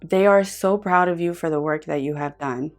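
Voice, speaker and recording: A woman with a low voice gives a pick-a-card tarot reading, earnest and effusive. She pauses often and restarts her sentences as she reaches for the right words. Soft music plays faintly behind her. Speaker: tarot reader.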